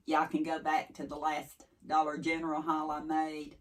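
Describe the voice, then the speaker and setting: A woman's voice: sits low, monotone, moderate pace. A woman from East Tennessee with a Southern accent, chatting casually to her viewers in a folksy, rambling way. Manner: folksy, chatty, wanders off track. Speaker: vlogger. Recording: voice a little distant from the mic.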